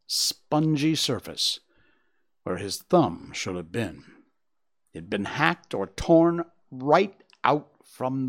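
A man reading a classic story aloud as narrator, with expressive, dramatic, measured storytelling. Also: mid-range voice.

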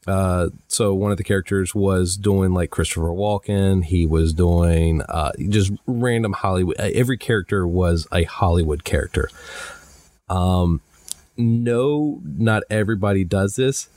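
A man's voice: sits low, unhurried, darkish tone, dry recording. A man co-hosting a casual podcast chat, laughing and teasing his co-host.

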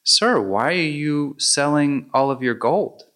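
Man putting on a gentle young woman, lifted higher, polite. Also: expressive, slow pace.

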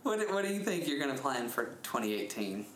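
Guy in his 30s telling a story, laughs a lot, echoey room w/ a little hiss. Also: fast. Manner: animated, laughs often, jumps into high pitch when retelling. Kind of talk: casual storytelling chat. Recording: echoey room with faint noise.

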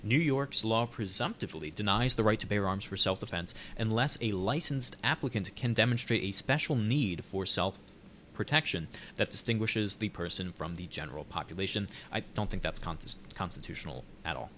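A man's voice: on the low side, lively intonation, normal speed, a bit bright, slight background noise. A man co-hosting a podcast, talking casually and reading an article aloud. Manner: conversational, reads articles aloud. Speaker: podcast co-host.

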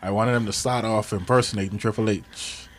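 A man's voice: lowish voice, steady tone, a little fast, slight background noise. A man co-hosting a casual podcast, rambling and digressing while reading notes aloud. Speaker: podcast co-host.

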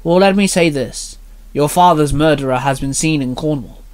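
A man voicing an old, hunched male wizard who speaks in a solemn, measured way. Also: fairly high pitch, a little mellow, natural voice.

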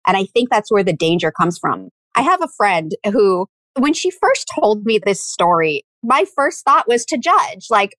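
A woman in casual podcast chat, animated and acting out quoted lines as she tells stories. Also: on the high side, moderate pace, dry recording.

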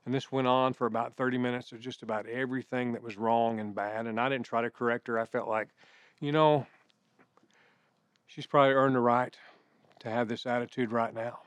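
A middle-aged man preaches in a relaxed, conversational manner, weaving personal stories into his sermon. His voice is smooth and clear at an ordinary pitch. He is recorded up close, with a dry sound and no room echo. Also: a little fast. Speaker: pastor.

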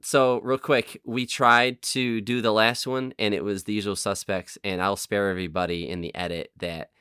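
Low-voiced man hosting a casual chat. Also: moderate pace, clear, resonant tone, dry recording, studio quality. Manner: animated when reading quotes, low-key otherwise. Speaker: podcast host. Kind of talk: casual chat, reading movie quotes aloud.

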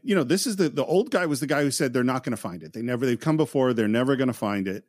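A man's voice: mid-range voice, lively intonation, quick pace, a little mellow. A man co-hosting a film podcast who recaps scenes in a chatty way with playful asides. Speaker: podcast co-host. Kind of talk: casual film discussion.

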